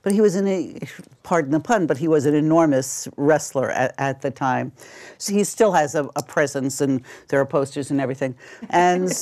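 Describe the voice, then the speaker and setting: In this interview, an older female casting director chats her way through stories and performs bits of dialogue. She has a deep, slightly mellow voice.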